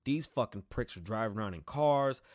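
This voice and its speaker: A man in his thirties hosting a casual monologue, telling stories in a profane, animated and rambling way. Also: fairly low pitch, moderate pace. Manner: rambling, digressive. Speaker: podcast host.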